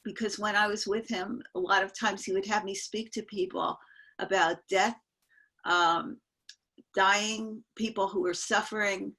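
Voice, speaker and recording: An older woman sharing memories on a video call, speaking earnestly and haltingly with many fillers. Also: mid-range voice, fairly even intonation, sharp tone. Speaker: panel guest sharing memories. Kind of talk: casual storytelling on an online call.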